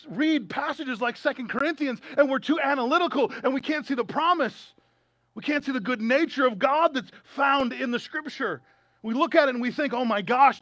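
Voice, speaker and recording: An American male pastor with a very high, fairly bright voice preaches a sermon during a streamed church service. His delivery is conversational and sprinkled with humorous asides, and the recording has no echo.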